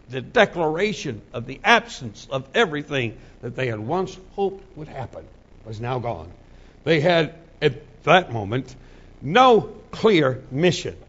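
A man pastor preaching a sermon with a fairly high male voice. His delivery is dramatic, sinking to soft, near-whispered passages and then climbing to loud shouts. The rhythm is slow and emphatic, with lots of repetition. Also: dull audio. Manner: dramatic, swings from hushed to shouting.

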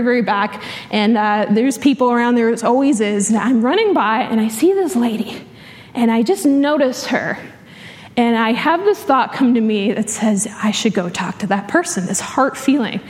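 Young woman preacher, higher voice, lively storyteller who laughs easily; echoing church hall. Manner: animated storytelling with frequent laughs. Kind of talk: sermon. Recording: long hall reverb.

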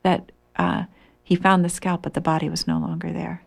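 Gravelly-voiced woman telling a story. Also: on the low side, big pitch swings, moderate pace. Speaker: radio show guest. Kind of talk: storytelling on a call-in show.

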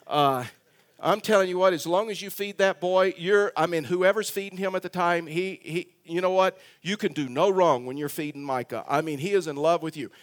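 A man's voice: high voice, normal speed. An older man preaching a sermon as pastor, emphatic and repetitive, telling a family story in church. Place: church sanctuary.

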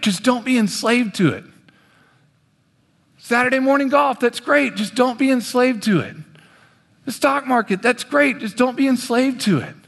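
A young man on a stage preaching a sermon in an animated way, swinging his pitch as he acts out the voices he quotes. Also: gravelly. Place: on a stage in a large hall. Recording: long hall reverb.

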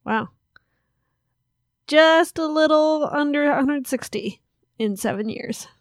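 A woman with a slightly high voice co-hosting a casual podcast. She rambles, corrects herself and teases her partner. The sound is dry and close. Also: slow pace, no room sound. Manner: rambling, teasing, self-correcting. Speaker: podcast co-host. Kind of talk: casual chat.

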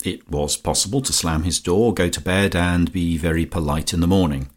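A man reading a comic novel aloud as an audiobook narrator, in a measured, dry manner. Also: deep voice. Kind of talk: scripted narration.

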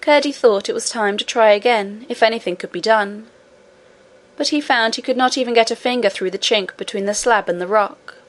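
A woman narrating a classic children's storybook in a steady, measured reading voice. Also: fairly high pitch. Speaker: audiobook narrator.

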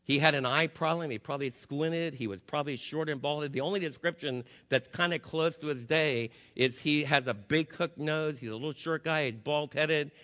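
A man preaching a sermon as pastor, impassioned, swinging from loud declarations to hushed, intense passages. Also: on the high side, normal speed, hardly any pauses. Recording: long hall reverb.

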